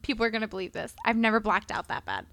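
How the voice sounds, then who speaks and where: A woman co-hosting a casual podcast, telling a wild story with lots of swearing and animated energy. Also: medium pitch, quick pace. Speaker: podcast co-host.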